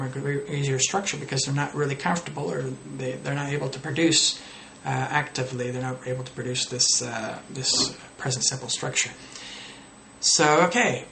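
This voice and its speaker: Brief: male language teacher, relaxed explaining style, gravelly voice, echoey room with faint noise. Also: brisk. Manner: explains casually, acts out student errors with pitch jumps. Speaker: English teacher. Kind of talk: teaching tips to camera. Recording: roomy echo with faint noise.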